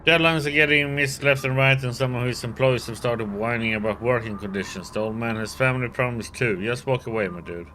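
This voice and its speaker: A man's voice: medium pitch, steady tone, brisk, few pauses, pushed and bright, a little hiss or hum, lightly acted. A man voicing a weary, blunt male worker in a video game, talking in an offhand way.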